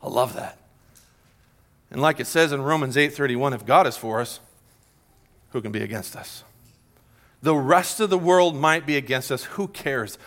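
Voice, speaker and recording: A man's voice: mid-range voice, normal speed, pauses often, a bit bright. A middle-aged man preaching a sermon as a pastor, earnest, repeating key phrases and building to emphatic peaks.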